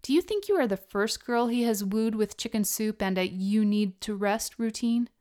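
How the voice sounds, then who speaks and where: A woman's voice: medium pitch, normal speed, mellow, natural voice. A woman reading as a blunt protective roommate. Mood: warning.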